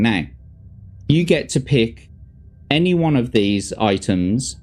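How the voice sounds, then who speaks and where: A man's voice: lowish voice, slow, faint music behind. A man hosting a show, reading a fantasy gamebook aloud to a guest and chatting casually between the passages. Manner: lively, expressive reading with relaxed asides. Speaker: host and gamebook reader.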